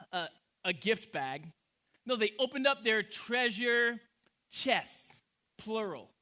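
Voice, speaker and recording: A male pastor preaching in a conversational, humorous storytelling manner with quick asides. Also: high voice, sharp tone. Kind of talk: sermon.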